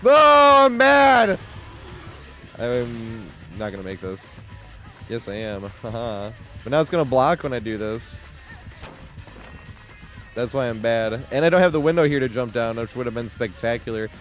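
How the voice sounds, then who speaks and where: A man's voice: mid-range voice, normal speed, long pauses, faint music behind. A young man streaming a game, chatting casually with frequent swearing and laughter. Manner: rambling, swears a lot, laughs often. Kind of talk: casual live-stream chat.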